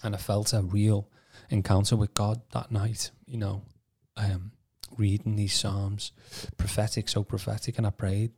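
Man, lowish voice, animated storytelling, repeats himself. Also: a little slow, few pauses, slightly rough. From Birkenhead, England. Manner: animated, stammering repetitions. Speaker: podcast guest telling his testimony. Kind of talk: casual storytelling.

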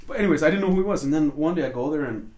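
A man's voice: fairly high pitch, rapid-fire, over a noisy crowd. A man, a street photographer, telling stories loosely in an interview and swearing a lot. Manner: loose, swearing, animated storytelling. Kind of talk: casual storytelling interview. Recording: echoey room with faint noise.

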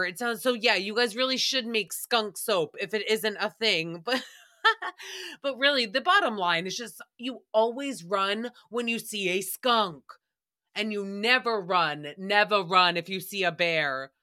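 A woman's voice: medium pitch, measured pace, bright, forceful tone. A young woman hosting a podcast recap, rambling casually through stories and often breaking into giggles. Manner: giggly, rambling storyteller who breaks into laughter. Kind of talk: casual chat.

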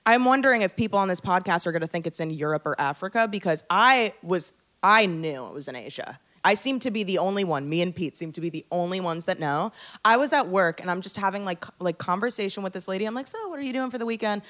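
A young woman co-hosting a podcast, chatting casually and telling an animated story, swearing freely and acting out what people said. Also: lowish voice, quick pace. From North America. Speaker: podcast co-host. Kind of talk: casual chat.

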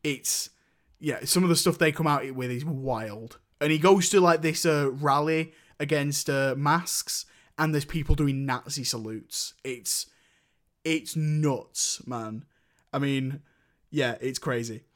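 A man's voice: on the high side, takes it slowly, fairly bright tone. A young man in casual chat, reviewing films with a rambling manner and many restarts. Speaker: podcast co-host reviewing films.

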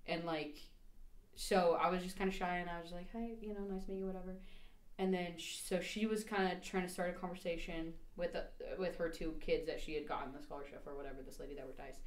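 A woman's voice: lowish voice, flat delivery, a little fast, roomy sound. A young adult woman co-hosting a podcast, telling a story in casual chat with laughs and mimicked quotes. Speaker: podcast co-host.

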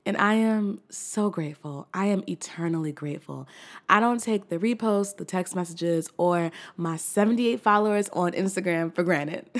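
A woman hosts her own podcast from a corner of her room, her voice sitting at an ordinary middle pitch. She talks in a heartfelt, expressive way, dropping casual slang and laughing easily. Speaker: podcast host. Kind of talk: scripted podcast monologue.

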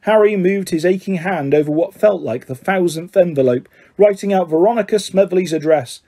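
A man narrating a storybook in a steady, even storytelling manner. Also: fairly high pitch, brisk, few pauses. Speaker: audiobook narrator.

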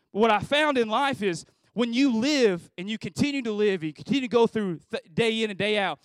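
A pastor in his thirties preaches to graduates in a loose, conversational way, piling up rhetorical questions and repeating himself for emphasis. His voice sits high for a man, and the recording is dry and close. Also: a bit bright, no room sound. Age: 30s. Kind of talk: sermon. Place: graduation service hall.

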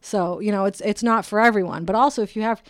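A woman hosting her own podcast in a casual solo monologue, her voice swinging up and down with jokey asides and soft whispered moments. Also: mid-range voice, fast talker, no room sound, clean studio sound. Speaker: podcast host. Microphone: close podcast microphone.

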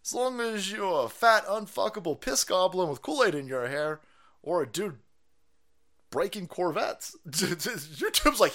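A man hosting a political stream, ranting loudly and sarcastically with lots of swearing and mocking voices. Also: high-pitched, very animated, unhurried. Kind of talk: profane ranting commentary.

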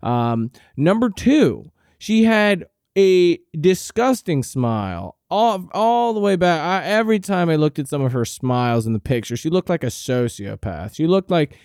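Male comic host, rambling profane storyteller, deadpan, pitched a bit high, dry booth sound. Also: a little slow, gravelly, hardly any pauses, smooth, no room sound. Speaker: podcast host. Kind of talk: comedic storytelling monologue.

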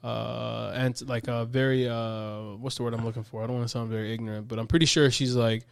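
A man's voice: medium pitch, little pitch movement, brisk, creaky, smooth, dry recording, clean studio sound. A man co-hosting a podcast in casual chat, laid-back and laughing often. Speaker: podcast co-host.

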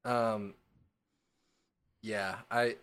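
A man's voice: lowish voice, little pitch movement, drawn-out words, a bit bright, smooth. A man co-hosting a podcast, trading wry, teasing banter in casual chat. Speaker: podcast co-host.

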